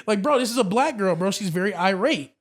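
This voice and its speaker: A man guest on a podcast, telling a story in a casual, animated way and acting out what others said. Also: high voice, fairly quick. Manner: animated, acts out quotes, says bro a lot.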